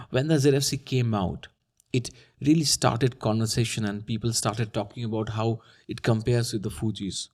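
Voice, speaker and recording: A man's voice: medium pitch, a little mellow. A man talking casually to camera, with a playful, teasing manner. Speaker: camera YouTuber. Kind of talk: casual talking-head commentary.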